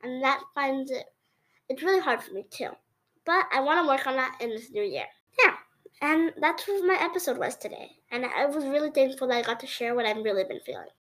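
A woman's voice: sits high, lively intonation, a little fast, fairly bright tone. A woman hosting her own podcast, talking alone in an earnest, confessional way. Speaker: podcast host. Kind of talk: solo podcast monologue.

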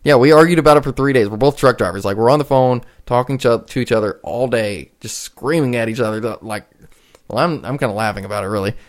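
A man's voice: medium pitch, fast talker. A man in his twenties hosting a solo podcast, talking casually and rambling with frequent restarts. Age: 20s. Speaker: podcast host.

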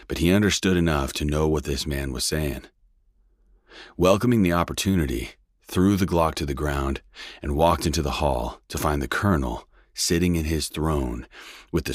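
A man narrating a western story in a steady, measured reading. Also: extremely low pitch, husky, no room sound, studio quality. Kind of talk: scripted audiobook narration.

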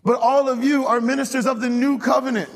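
A male pastor preaching a lively sermon in church, calling out to the congregation and repeating key phrases. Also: extremely high pitch, brisk, creaky, in a large hall. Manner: animated, call-and-response with congregation, repeats phrases, laughs often. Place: church sanctuary.

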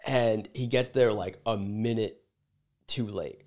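A man's voice: fairly low pitch, slow, darkish tone. Man in casual chat, rambling, fills his talk with "like", acts out the people in his story.

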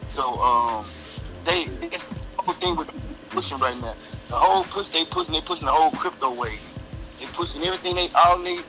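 A man's voice: fairly high pitch, very animated, a little fast, music in the background, rough recording. A man on a casual podcast, rambling animatedly through conspiracy theories. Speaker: podcast co-host.

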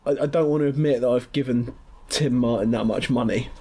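A man's voice: medium pitch, a little fast, warm tone. A young man co-hosting a podcast, easygoing and agreeable in casual chat. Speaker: podcast co-host.

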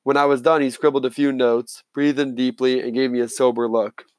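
A man's voice: medium pitch, level tone, a little fast, no echo. Man narrating an audiobook, dry sound. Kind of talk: scripted narration.

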